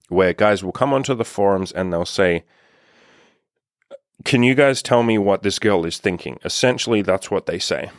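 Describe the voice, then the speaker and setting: Low-voiced blunt male dating coach. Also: no room sound, studio quality. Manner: blunt, profane, lots of "like" fillers. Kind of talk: casual monologue advice.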